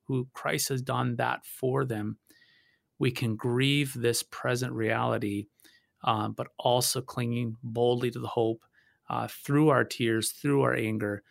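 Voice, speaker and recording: A man, a pastor, talking through theology in an earnest, measured way, often restarting his sentences. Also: mid-range voice, gravelly, dry recording, clean studio sound. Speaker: pastor and guest. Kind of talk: conversational theology discussion.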